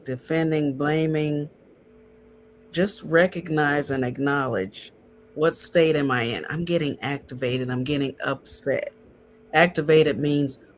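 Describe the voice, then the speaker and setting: Man, relationship coach, slightly high voice, calm instructive delivery, podcast talk. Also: slight background noise. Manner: calm, instructive, lists steps. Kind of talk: podcast conversation, explaining tools.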